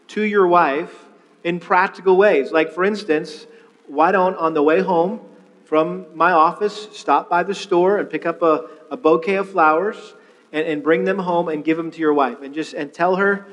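A man's voice: sits high, long reverb tail. A man preaching as a pastor, conversational and storytelling, often repeating words as he restarts. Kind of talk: sermon-style teaching on marriage.

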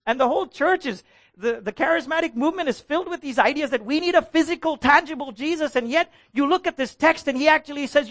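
A man preaching a sermon as pastor, animated, asking the congregation questions and calling for answers. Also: very high-pitched, fairly quick, no echo, studio quality.

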